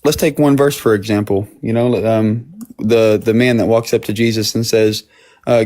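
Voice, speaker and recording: A man's voice: fairly low pitch, steady tone, normal speed, a little mellow. Earnest man defending his faith. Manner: earnest, explains belief. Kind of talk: earnest debate.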